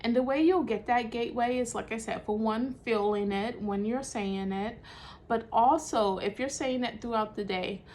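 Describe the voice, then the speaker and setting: A woman's voice: on the high side, normal speed, darkish tone, slight background noise. A woman hosting a spiritual guidance talk, explaining in a loose, conversational way with many fillers and self-corrections. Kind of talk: casual teaching monologue.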